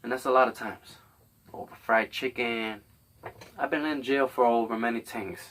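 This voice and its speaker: A man's voice: medium pitch, steady tone, normal speed, a bit bright, far from the mic. A man hosting a podcast, delivering a rambling, blunt, profane comedic monologue. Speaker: podcast host.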